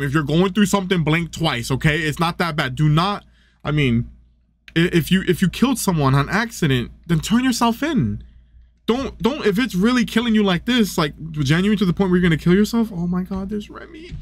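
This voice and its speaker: A young man hosting a let's play, excitable and chatty, cooing and gasping at the game. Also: a little high. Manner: excitable, coos and gasps, chatty asides. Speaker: gaming channel host.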